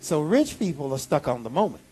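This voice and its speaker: A man pastor preaching a sermon, animated, with sudden high exclamations. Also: fairly quick, faint music behind.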